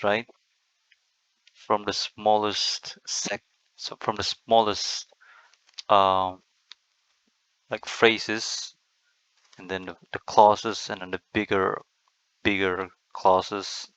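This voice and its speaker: A man's voice: on the low side, gravelly, bright, forceful tone, no room sound, rough recording. A man giving a methodical screen-recorded lecture, walking through slides step by step. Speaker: lecturer on Bible accents.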